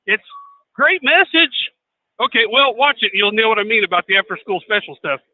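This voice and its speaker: A man with a high voice talks casually on a live stream. He gets animated and climbs higher as he warms up. The line is thin and phone-like. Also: normal speed. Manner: animated, rising in pitch when worked up. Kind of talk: casual talk show banter.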